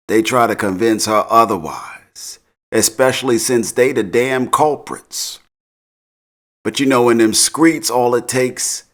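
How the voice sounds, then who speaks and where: A man's voice: mid-range voice, a bit bright. A man casually recapping a TV episode in slang, laughing often. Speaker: TV recap host.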